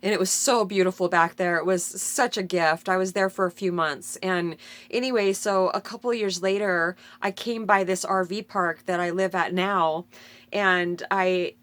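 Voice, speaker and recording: A woman's voice: on the low side, fairly even intonation, moderate pace, fairly bright tone. A middle-aged woman telling a heartfelt personal story in an earnest, rambling way, often correcting herself mid-sentence. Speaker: vlogger sharing a personal story.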